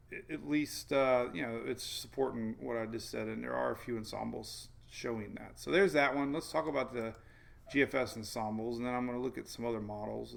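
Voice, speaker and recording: A man with a gravelly, creaky voice chats loosely through a weather stream. He rambles, chuckles often and answers viewers by name as he works through the maps. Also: mid-range voice. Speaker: weather show host. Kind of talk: casual livestream weather talk.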